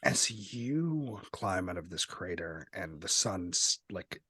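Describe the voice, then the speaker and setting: Man, game master narration, low husky voice, lively swooping delivery, dry sound. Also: takes it slowly, no echo. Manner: lively, descriptive narration with fillers.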